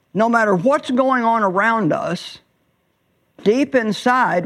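A woman preaching a sermon in an earnest way, stretching words out for emphasis. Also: lowish voice.

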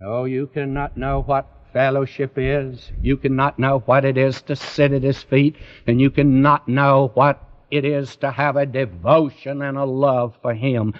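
A man's voice: mid-range voice, level tone, measured pace, few pauses. Male preacher, earnest, direct address, dull lo-fi recording. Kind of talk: radio Bible sermon.

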